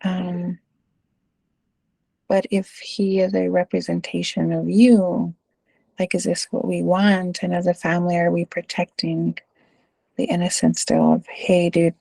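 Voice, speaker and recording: Gravelly-voiced middle-aged Texan woman. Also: lowish voice, little pitch movement, a little slow, long pauses, dark tone, dry recording. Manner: conversational, many fillers and "right?" tags. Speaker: school administrator. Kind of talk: interview answer, casual storytelling.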